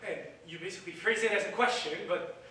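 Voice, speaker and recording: A man's voice: high voice, fast talker, bright, forceful tone, slight background noise. A young man acting as a lonely musical fan who confides in the audience, live on stage in a theatre. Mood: musing. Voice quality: wistful, confiding direct address. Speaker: stage actor. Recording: echoey theatre from far off.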